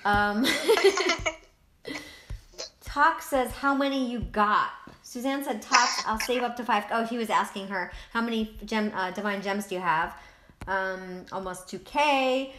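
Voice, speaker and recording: A woman's voice: on the high side, slow, heavy background noise. A young woman co-hosting a casual livestream, laughing often as she reads viewer comments aloud. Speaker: livestream co-host reading chat.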